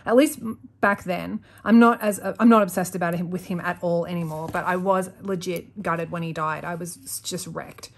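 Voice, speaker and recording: Captured by a camera mounted on her home desk, this woman talks while arranging her planner, drifting onto side topics and getting heated during rants. She speaks in a lowish, steady voice at a moderate pace, with a little hiss or hum in the audio.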